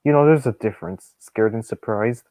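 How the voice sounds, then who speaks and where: A man's voice: on the low side, mellow, dry recording. A young man in casual chat as a stream guest, chatty and opinionated. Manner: chatty, opinionated, quick agreeing. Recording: dull, dry lo-fi stream audio.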